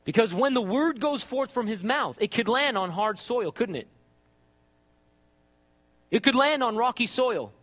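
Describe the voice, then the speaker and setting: A man preaching a sermon in an animated, conversational way, often checking in with "right?". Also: very high-pitched, measured pace, pauses often, in a large hall.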